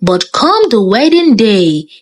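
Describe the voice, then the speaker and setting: A woman with a Nigerian accent giving scripted narration of a moral folktale, expressive and lilting. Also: fairly high pitch, slow pace. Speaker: storyteller.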